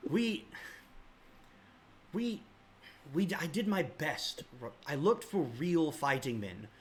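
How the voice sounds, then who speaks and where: A man's voice: on the high side, sing-song, slow pace, a little hiss or hum. A man voicing a weary warden who defends his recruits in a hesitant, stammering way. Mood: defensive.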